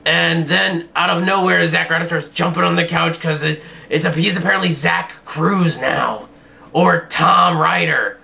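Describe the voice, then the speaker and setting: A man's voice: fairly high pitch, steady tone, measured pace, creaky, sharp tone. A man giving a sarcastic, rambling, jokey review of a wrestling show in a casual style. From Virginia.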